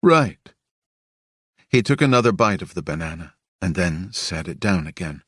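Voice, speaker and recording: A man reading an audiobook aloud in steady, unhurried storytelling. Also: sits low, slightly rough, no echo, studio quality. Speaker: audiobook narrator. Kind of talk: audiobook narration.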